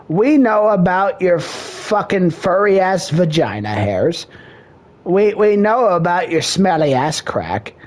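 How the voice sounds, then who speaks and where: A man's voice: high voice, lively intonation, takes it slowly. A man playing a mock marriage counselor in crude improvised comedy, drawling in a mock-serious way.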